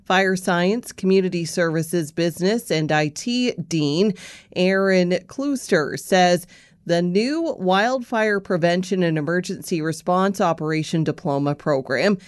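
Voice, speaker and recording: A woman anchoring a local radio newscast, reading the news and weather in a steady, measured way. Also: on the low side, dry recording, clean studio sound.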